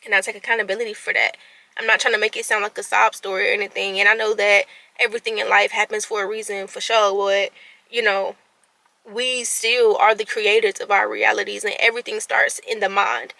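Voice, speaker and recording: A woman in her twenties with a mid-range voice and vocal fry vents candidly to camera, speaking a little fast in a dry recording. Anxious and nervous, she stutters, stumbles and restarts, swinging between quiet and loud, then animatedly rallies herself with tough-love self-talk.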